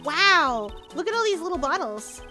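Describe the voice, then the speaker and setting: A woman voicing an excitable, nosy young female sidekick who squeals her eager exclamations. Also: very high voice, normal speed, soft background music, voice pushed up, exaggerated voice. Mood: excited.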